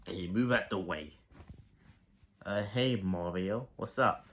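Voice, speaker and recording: A man's voice: deep voice, slow, exaggerated voice. A man voicing a plain, matter-of-fact doctor in a homemade plush-toy skit. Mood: calm. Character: calm dismissive doctor.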